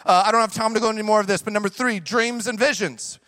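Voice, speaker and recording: High-voiced man preaching with fire. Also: fast, no room sound. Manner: animated preaching, swings between hushed asides and shouted emphasis; casual slang asides to congregation. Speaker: pastor. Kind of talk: sermon.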